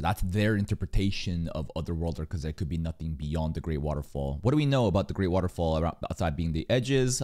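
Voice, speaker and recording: A man reacting to a video with casual commentary, animated and profane, rambling with many fillers. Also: on the low side. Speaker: reaction streamer.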